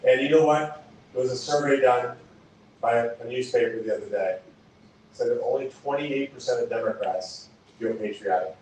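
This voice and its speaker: A man's voice: medium pitch, moderate pace, a little mellow. Guy doing a campaign speech, repeats stuff for punch, english not his first language, recorded far off in a big echoey hall w/ faint noise. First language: Spanish. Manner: emphatic, repeats lines for effect. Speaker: political candidate giving a campaign speech.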